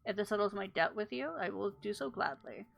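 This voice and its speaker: A woman gives voice to a flirtatious swindler who talks her way out of everything, coy and theatrical. The tone stays mid-pitched with a gravelly edge, and faint game music plays behind her. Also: fairly quick. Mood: sly. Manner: coy and theatrical, feigning innocence. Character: sly flirtatious female swindler and thief. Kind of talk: reading game dialogue aloud.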